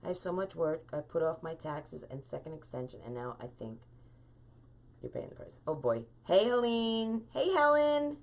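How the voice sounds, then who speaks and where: A woman's voice: sits low, very animated, normal speed. A talkative woman hosting a live-stream wreath-making tutorial, chatting with viewers and greeting them by name.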